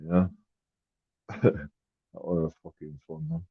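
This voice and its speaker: A man, rambling profanely on a live stream and swinging between mumbled asides and loud outbursts. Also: a bass voice, little pitch movement, slow pace, breathy edge, no echo. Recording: dry, dull lo-fi sound.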